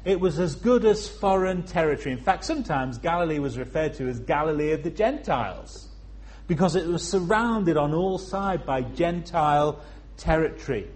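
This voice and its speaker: A man from Liverpool with a faint Liverpool accent, preaching a sermon at a church service. He is expressive, slows down to stress phrases, jumps high for emphasis, and adds humorous asides. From Liverpool, England.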